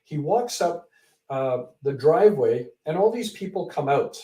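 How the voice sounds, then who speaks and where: A man with a slightly high yet mellow voice tells an animated story in an interview, jumping into the voices of the people he met. He sits some way from the mic, and the room echoes around him. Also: a little slow, distant mic. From Canada. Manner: animated storyteller who acts out quoted people. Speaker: author and guest.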